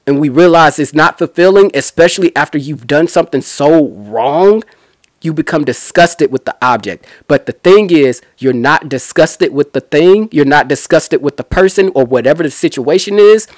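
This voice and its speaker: A man's voice: fairly high pitch, no room sound, clean studio sound. A man giving a casual Bible teaching, retelling scripture in a chatty, slangy way with asides.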